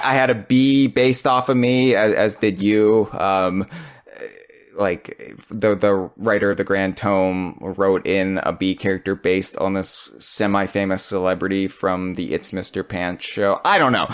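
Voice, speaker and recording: A man hosting a casual podcast chat, joking around and jumping into high, excited bursts. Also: smooth. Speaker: podcast host.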